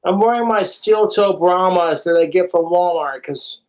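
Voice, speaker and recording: A man's voice: high voice, moderate pace, darkish tone. A man doing a crude, profane comic skit, arguing with himself in two quoted voices.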